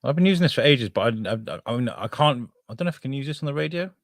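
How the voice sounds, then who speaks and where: A man's voice: medium pitch, lively intonation, rapid-fire, no echo. A man hosting a casual podcast pre-show, trading crude jokes while he sorts out his audio setup. His voice sits in a mid range and sounds close and dry, with no room around it. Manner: joking, crude banter. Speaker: podcast host.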